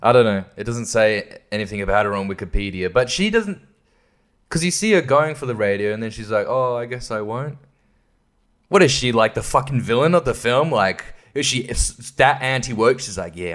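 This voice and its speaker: A man's voice: medium pitch, animated, fairly quick, fairly bright tone. Profane, rambling man ranting about a film. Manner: stumbles and laughs between thoughts. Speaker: podcast host. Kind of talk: casual film review rant.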